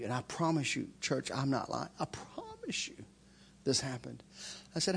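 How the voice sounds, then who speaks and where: A man preaching a sermon as a story, swinging from loud, excited shouts to hushed, intense lines. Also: mid-range voice, fairly quick, gravelly, breathy edge.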